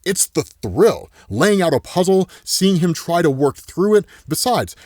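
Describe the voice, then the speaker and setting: A man voicing a smug, gleeful male villain who is obsessed with puzzles, speaking in a lower, drawn-out way. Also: big pitch swings, a little mellow, dry recording, clean studio sound, exaggerated voice.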